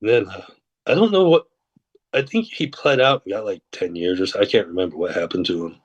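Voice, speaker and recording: A man's voice: low-pitched, fast, slightly rough, lo-fi sound. A man, a former corrections and undercover officer, telling a long story in a podcast interview and acting out the dialogue. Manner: relaxed anecdotal telling, acts out quoted dialogue.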